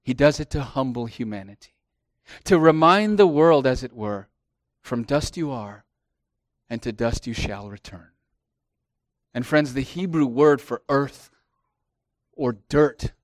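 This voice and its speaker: A middle-aged man preaching a sermon as pastor, swelling into emphatic lines and then dropping to hushed asides. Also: medium pitch, dry recording, studio quality.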